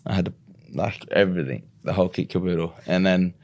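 A young man, a rugby league player and coach, chatting casually in an interview with a relaxed, rambling manner full of restarts. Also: sits low, fast talker, dry recording. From Australia.

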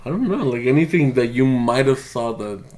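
A man's voice: medium pitch, a little fast, darkish tone. A young man telling a loose, rambling story on a casual podcast and laughing often. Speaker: podcast co-host.

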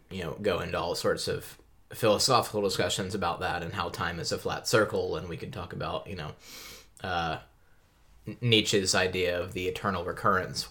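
A man's voice: deep voice, pushed and bright. A man co-hosting a podcast, musing thoughtfully about a book and laughing easily. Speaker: podcast co-host. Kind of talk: casual book discussion.

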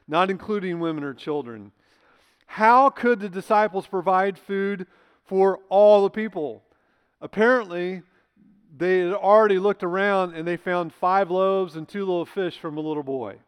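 A high, clean-toned male voice preaches in a church sanctuary, where long hall reverb fills the recording. The pastor is emphatic yet conversational, asking his congregation rhetorical questions.

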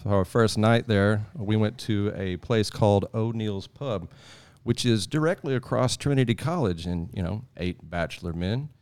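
Podcast guest, low voice, rambling folksy storyteller. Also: male voice, moderate pace, hardly any pauses, darkish tone, smooth. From Texas. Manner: rambling, folksy, chuckling asides. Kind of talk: casual storytelling.

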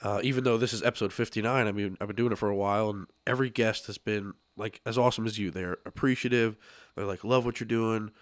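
Chatty man hosting a podcast, low voice. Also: steady tone, quick pace, dry recording, clean studio sound. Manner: upbeat, chatty, encouraging. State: losing his voice. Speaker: podcast host. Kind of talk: casual podcast chat. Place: podcast studio.

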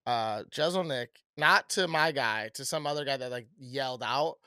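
A man's voice: medium pitch, normal speed, clear, resonant tone, dry recording. Young man telling a story, dry close mic. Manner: animated storyteller, swears a lot. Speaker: podcast co-host. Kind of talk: casual chat.

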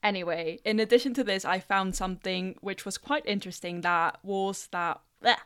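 Smooth-voiced blunt woman vlogger. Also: medium pitch, normal speed, fairly bright tone, dry recording, studio quality. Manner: blunt, opinionated. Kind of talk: opinion commentary.

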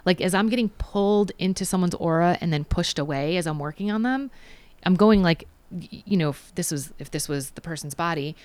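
In a casual interview, a woman who works as a psychic and Reiki practitioner chats about her healing practice, telling stories and acting out quotes from people. Her voice is lowish, darkish, clear and resonant, fairly quick, with no echo.

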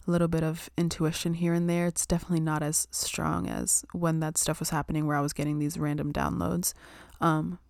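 A woman's voice: fairly low pitch, darkish tone, no room sound, studio quality. A young woman chatting casually about spirituality and self-care, full of "like" and "um" and casual swearing.

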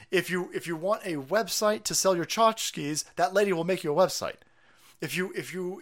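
Male stream host: sarcastic, profane rant, slightly high voice. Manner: foul-mouthed, sarcastic, swings from mutters to shouts. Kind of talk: ranting political commentary.

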